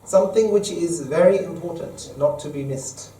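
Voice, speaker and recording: A man's voice: fairly high pitch, moderate pace, dark tone. A man giving a Friday sermon as imam, quoting Arabic verses and explaining them in plain terms. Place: mosque hall. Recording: echoey hall, mic at a distance.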